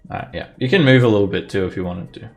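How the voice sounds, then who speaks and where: A man running a tabletop role-playing game, explaining rules in a relaxed way and chuckling often. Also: fairly low pitch, quick pace. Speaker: dungeon master.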